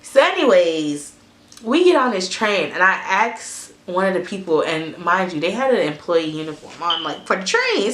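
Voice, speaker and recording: A young woman, telling a story to her camera in a lively, cussing, chatty way. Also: mid-range voice, normal speed, reverberant. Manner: animated, swears freely, asides to viewers. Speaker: storytime vlogger.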